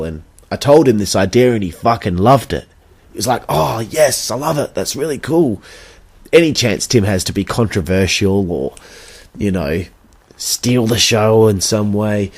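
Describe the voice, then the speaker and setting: A man's voice: lowish voice, a little mellow. A young Australian man hosting a podcast, telling a story in a blunt, casual way, swearing freely and acting out the back-and-forth of conversations. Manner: blunt, swears freely, acts out quoted exchanges. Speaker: podcast host and backyard wrestler.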